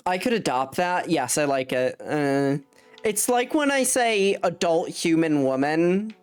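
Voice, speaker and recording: Young woman game streamer, low voice, slow and rambling, cusses a lot, faint music under her. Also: animated, smooth. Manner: rambling, swears freely, laughs mid-sentence. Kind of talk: casual live-stream chat while gaming.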